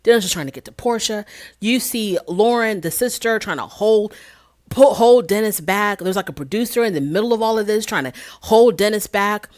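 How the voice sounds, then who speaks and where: A woman casually recapping a reality show as host, telling the story in an animated way and acting out what people said. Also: medium pitch, moderate pace. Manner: animated storytelling, acts out quotes.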